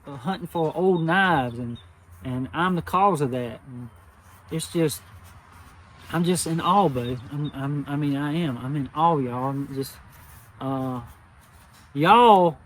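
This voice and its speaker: An older man speaks straight to his viewers in a casual, deeply felt way, circling back to the same words as he gets emotional. His voice sits a little high for a man, with a faint hiss of noise under it. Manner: emotional, humble, repeats himself. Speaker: knife channel host. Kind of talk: casual heartfelt talk to viewers.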